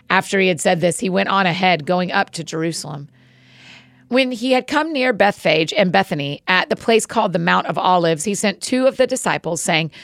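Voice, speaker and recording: A woman reading scripture aloud in a measured, even way. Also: fairly low pitch, creaky, no room sound, studio quality. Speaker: scripture reader.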